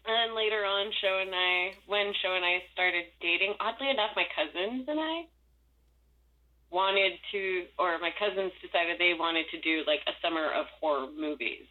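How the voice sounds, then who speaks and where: A woman's voice: on the low side, normal speed. A young woman from Southern California, the guest in a casual interview, rambling, swearing and laughing often. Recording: tinny phone-like line.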